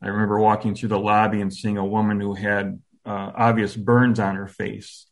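A man in his fifties telling a personal story as an interview guest, reflective and halting, with soft self-deprecating humor. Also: lowish voice, flat delivery, vocal fry.

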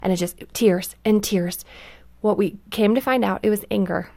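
A woman in her thirties speaks as a radio show guest, earnest and explanatory. Her voice has a vocal-fry, gravelly texture, heard close and dry. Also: mid-range voice, normal speed, mellow, no room sound. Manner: earnest, explanatory, many fillers like "like". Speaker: guest, parenting author. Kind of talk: conversational radio interview.

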